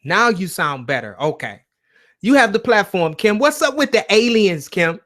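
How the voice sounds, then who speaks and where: A man's voice: sits high, big pitch swings, normal speed, fairly bright tone. A man hosting a call-in show, chatting loosely and bluntly with callers over a shaky internet connection. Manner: loose, blunt, swears casually. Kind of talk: casual call-in chat.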